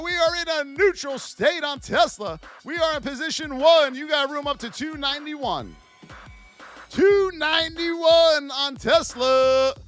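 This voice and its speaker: A man hosting a live trading lesson, loud and joking, calling out viewers by name as he reads off price levels. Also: very high-pitched. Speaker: trading educator and livestream host. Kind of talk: energetic live market commentary.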